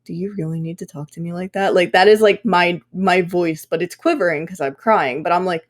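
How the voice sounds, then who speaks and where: A woman's voice: fairly low pitch, brisk, few pauses. Chatty young woman telling work stories. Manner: animated storytelling, swearing, frequent fillers. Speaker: podcast guest. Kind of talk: casual podcast chat.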